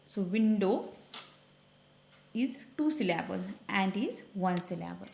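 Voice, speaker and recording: A woman teacher, slowly explaining a textbook page and spelling out letters. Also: medium pitch, lively intonation, vocal fry, darkish tone, a little hiss or hum. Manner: slow, patient, spells out letters. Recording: echoey room.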